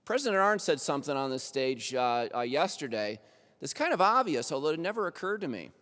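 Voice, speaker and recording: A man's voice: a little high, sing-song, brisk, a bit bright. A man, a college journalism professor, lecturing at a faculty roundtable in a conversational way and often checking in with the audience. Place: college auditorium stage. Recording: long hall reverb.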